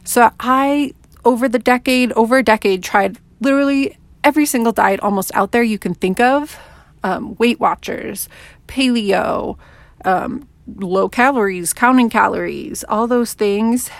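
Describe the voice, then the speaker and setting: Woman podcast host with vocal fry. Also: fairly high pitch, unhurried, no echo. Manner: candid, conversational, with frequent "like" and "um". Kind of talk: personal podcast monologue.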